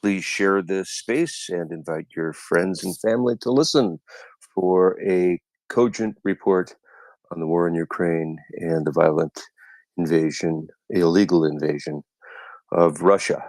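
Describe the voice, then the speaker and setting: A man's voice: sits low, measured pace, a little mellow, dry recording. A man co-hosting a live audio chat, giving a formal, announcer-like station identification. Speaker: co-host.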